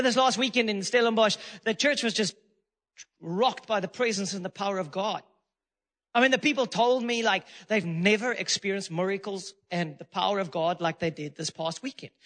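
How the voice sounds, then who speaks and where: A man delivering a sermon in a strikingly high, bright and forceful voice. He preaches emphatically, swinging from loud declarations to quieter asides, with laughs between points. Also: long reverb tail. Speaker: pastor.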